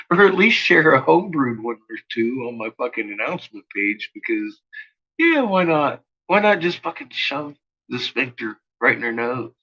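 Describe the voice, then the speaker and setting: Husky, profane man chatting on a stream. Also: medium pitch, sing-song, normal speed, bright, forceful tone, muffled recording. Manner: rambling, profane, laughs often. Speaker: channel host. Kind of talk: casual livestream chat.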